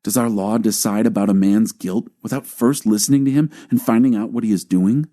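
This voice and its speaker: A man's voice: fairly low pitch, a little fast, warm tone, close to an everyday voice. A man reading a cautious male elder. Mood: earnest.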